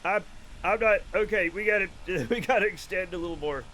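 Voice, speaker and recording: A man's voice: high voice, brisk, bright, forceful tone, slight background noise, poor audio. A man in his late forties chatting casually on a live stream, rambling, profane and self-mocking. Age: late 40s.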